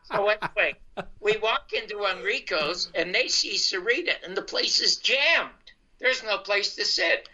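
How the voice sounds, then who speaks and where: Older male storyteller, very bright and fairly high voice, lo-fi sound. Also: measured pace. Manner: animated anecdotal, acts out dialogue. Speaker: comedian telling his life story. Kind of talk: casual storytelling. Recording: dull lo-fi sound.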